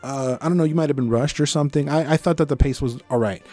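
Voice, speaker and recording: A man's voice: a little high, fast talker, warm tone, soft background music. A man co-hosting a podcast, chatting casually about a movie. He swears, acts out his own reactions, and mixes Spanish slang into his English. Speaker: podcast co-host. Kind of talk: casual movie review chat.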